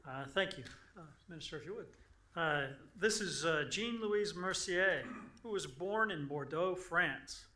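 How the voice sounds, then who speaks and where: Bright-voiced commissioner reading an introduction. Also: male voice, sits high, a little slow, slight background noise. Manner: reads a biography, with small stumbles. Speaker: county commissioner. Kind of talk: formal introduction. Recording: echoey meeting chamber.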